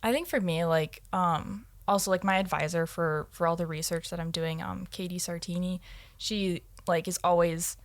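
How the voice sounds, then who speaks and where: A woman's voice: on the low side, fairly even intonation, moderate pace, dry recording. A young woman, a recent graduate, talking casually as an interview guest with many fillers. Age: young adult. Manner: talkative, frequent "like" fillers.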